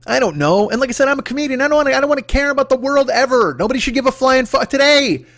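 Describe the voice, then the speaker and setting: A man hosts a solo comedy podcast from his apartment. He talks in a profane, self-mocking way, swinging between loud rants and low mutters. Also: lively intonation, very fast. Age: 50s. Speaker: podcast host. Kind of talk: rambling solo comedy monologue. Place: home apartment.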